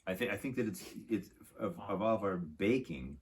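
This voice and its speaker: A man hosting a casual cooking chat, halting and repeating words while he thinks. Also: deep voice, animated. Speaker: cooking show host.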